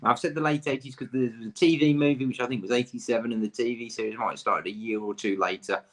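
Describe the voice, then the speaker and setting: A man's voice: mid-range voice, steady tone, fast. A man in his thirties from the UK, hosting a pub quiz with chatty, rambling, self-deprecating asides.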